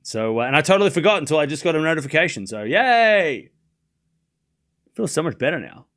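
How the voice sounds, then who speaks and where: A man's voice: on the high side, animated, brisk, fairly bright tone. A man hosting a live stream, chatting casually, often laughing and joking sarcastically as he reads and answers his chat.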